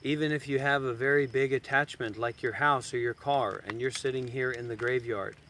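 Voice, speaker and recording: A man giving a meditation talk as a teacher, blunt and teasing, swinging from soft and slow to sudden loud bursts. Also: mid-range voice, fairly even intonation, slight background noise. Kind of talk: dharma talk. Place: outdoors in a graveyard.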